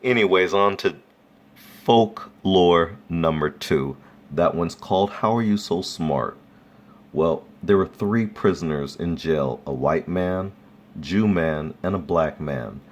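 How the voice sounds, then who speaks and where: A man casually reading folk tales aloud, relaxed and chuckling at his own jokes. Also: deep voice, takes it slowly. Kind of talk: casual read-aloud storytelling.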